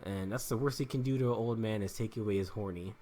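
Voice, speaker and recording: A man's voice: lowish voice, quick pace, warm tone. A young man chatting casually while streaming a game, rambling and joking, swearing freely and laughing often. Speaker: gaming streamer. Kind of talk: casual chat while gaming.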